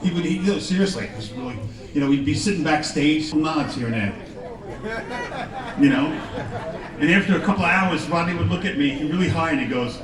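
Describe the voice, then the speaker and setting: A man doing stand-up on a live stage, telling rambling, self-deprecating stories in a slightly high voice. He sounds a bit far from the mic in an echoey room. A laughing crowd can be heard behind him. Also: expressive, a little fast, pauses often. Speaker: stand-up comedian. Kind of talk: stand-up comedy set. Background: audience laughter.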